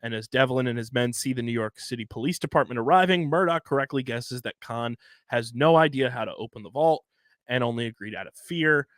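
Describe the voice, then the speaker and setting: A man's voice: medium pitch, fairly quick, a bit bright, dry recording. A man co-hosting a podcast, casually recapping an episode's plot with joking asides. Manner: narrates plot points with jokey asides and fillers. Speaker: podcast co-host.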